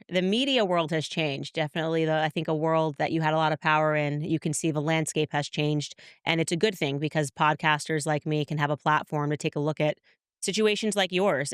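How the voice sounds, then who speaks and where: A woman's voice: deep voice, a bit bright, clear, resonant tone, no echo, clean studio sound. A woman hosting a podcast, questioning her guest in a direct, opinionated way. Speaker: podcast host, interviewer. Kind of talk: interview questions.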